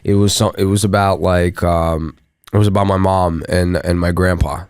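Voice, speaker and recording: A man with a lowish voice tells stories in a relaxed, chuckling manner. He sits close to a dry studio mic that has no room sound. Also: moderate pace, smooth, no echo. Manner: laid-back, chuckling storyteller. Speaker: podcast co-host. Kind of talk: casual storytelling.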